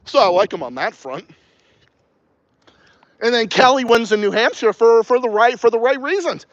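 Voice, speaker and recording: A man's voice: very high voice, lively intonation, moderate pace, fairly bright tone, dry recording, lo-fi sound. A man from Massachusetts with a New England accent, hosting a podcast outdoors and ranting profanely while answering viewer questions. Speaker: podcast host.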